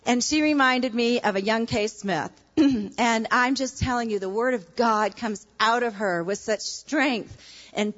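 A woman hosting a women's ministry event, introducing the speaker in an earnest manner with playful asides. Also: a little high. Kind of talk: sermon-style introduction. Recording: dull lo-fi recording.

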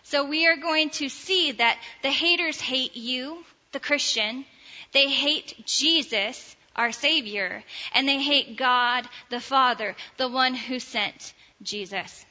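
A woman preaching a sermon, slow and deliberate, reading scripture aloud. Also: sits high, bright, forceful tone. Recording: dull sound, long hall reverb.

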